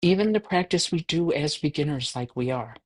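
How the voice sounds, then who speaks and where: A Buddhist nun giving a conversational dharma talk, with a self-deprecating, filler-heavy way of speaking. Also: female voice, sits low, expressive, fairly quick. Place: livestreamed talk.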